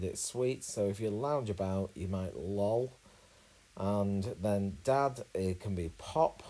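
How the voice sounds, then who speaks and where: A man explains crossword answers one clue at a time in a laid-back, thinking-aloud way, often pausing on an uh. His voice sits a touch low. The tone is warm and mellow. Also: poor audio. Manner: relaxed, thinking aloud with many uhs. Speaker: crossword solver. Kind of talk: casual crossword walkthrough.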